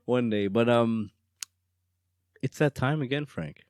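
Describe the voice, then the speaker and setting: A man co-hosting a casual chat podcast, telling stories in an animated way and laughing often. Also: medium pitch, slow, smooth, no room sound, clean studio sound. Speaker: podcast co-host.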